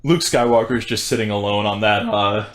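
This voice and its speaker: A man's voice: lowish voice, fairly even intonation, normal speed. A man co-hosting a casual podcast, blunt and joking, swearing freely. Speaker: podcast co-host.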